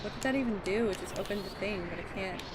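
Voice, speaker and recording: A woman's voice: mid-range voice, quick pace, very noisy. A woman streaming a video game live, chatting and swearing as she reacts to what she finds. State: yawning, tired. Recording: game music underneath. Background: game music.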